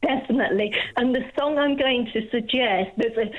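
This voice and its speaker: A woman's voice: fairly high pitch, moderate pace. Woman caller on a tinny phone line. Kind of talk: phone-in call. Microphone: telephone.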